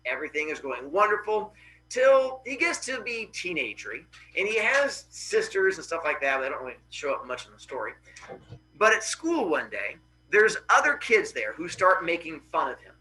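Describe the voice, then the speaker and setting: Animated male teacher retelling a myth. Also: high-pitched, normal speed, rough recording. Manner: animated, joking, slangy. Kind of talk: casual myth storytelling in class. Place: classroom.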